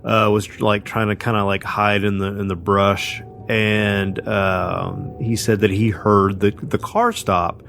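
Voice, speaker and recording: A man's voice: on the low side, flat delivery, slow, vocal fry, few pauses, a bit bright, a little hiss or hum. A man co-hosting a podcast, telling a story casually with lots of fillers and restarts. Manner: rambling, many fillers and restarts. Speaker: podcast co-host.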